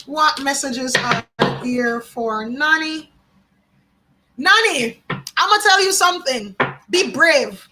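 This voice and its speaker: A woman's voice: high-pitched, expressive, slow pace, noisy background. A woman from Jamaica, giving a live psychic card reading and musing aloud, often repeating names and phrases. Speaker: tarot card reader.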